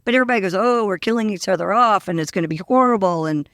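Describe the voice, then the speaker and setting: A woman hosting a podcast interview, chatty and upbeat, who slows down when she asks questions. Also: mid-range voice, fairly bright tone, no echo, studio quality. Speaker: podcast host. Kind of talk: casual interview.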